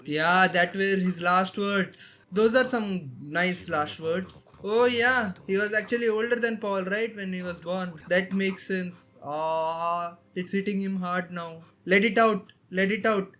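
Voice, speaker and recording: A man's voice: high-pitched, steady tone, takes it slowly, few pauses, pushed and bright. A man with an Indian accent giving casual anime reaction commentary, talking back at the screen with strong emotion. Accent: Indian English.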